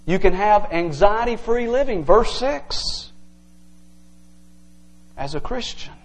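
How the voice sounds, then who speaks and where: A man's voice: sits high, animated, slow, low-quality recording. A male pastor preaching an earnest, emphatic evening sermon to his congregation, teaching verse by verse.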